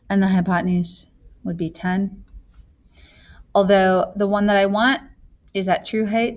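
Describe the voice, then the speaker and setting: A woman's voice: medium pitch, steady tone, measured pace, long pauses, a little mellow. A woman teaching math walks through a geometry problem one step at a time. She thinks aloud as she goes. The recording sounds dull and lo-fi.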